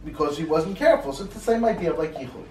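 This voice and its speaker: Male class teacher, quick animated storyteller, recorded distant in a reverberant room. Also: on the high side. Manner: fast, animated storytelling with many fillers. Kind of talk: informal Torah class with students. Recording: echoey room, mic far off, faint noise.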